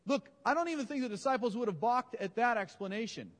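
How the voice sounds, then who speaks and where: A man preaching a sermon in a conversational, animated way, often correcting his own words. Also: extremely high pitch, fast talker. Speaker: pastor. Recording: long hall reverb.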